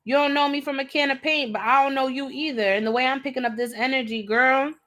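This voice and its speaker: A woman's voice: high-pitched, fairly even intonation, fast talker, fairly bright tone. A woman giving a live tarot reading, blunt and direct, scolding her viewer in slangy talk and repeating herself for emphasis. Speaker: tarot reader.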